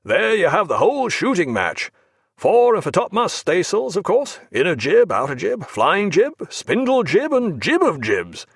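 An earnest, enthusiastic naval captain, as a man reads him aloud. He speaks in a brisk, commanding way with a lot of movement in his pitch. The sound is close and dry. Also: huge pitch swings, husky, no room sound, full character voice.

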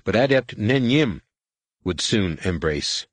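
A man narrating a science fiction audiobook in a measured, steady way. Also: lowish voice, no room sound. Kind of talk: scripted sci-fi narration.

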